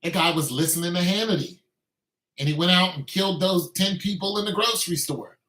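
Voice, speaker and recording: A man's voice: sits high, brisk, bright, forceful tone, reverberant, low-quality recording. A man delivering an opinionated monologue in an emphatic, repetitive rant. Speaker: commentator.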